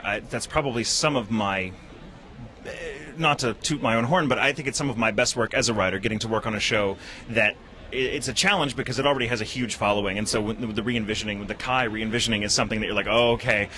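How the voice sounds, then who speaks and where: A man who voices anime characters, chatting about his work at a convention interview, animated and quick to laugh at himself. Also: mid-range voice. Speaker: voice actor and writer. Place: convention venue.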